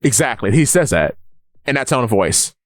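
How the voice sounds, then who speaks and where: A man's voice: medium pitch, sing-song, moderate pace, no room sound. A man co-hosting a podcast, recapping at length in casual chat with many stumbles and restarts. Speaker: podcast co-host.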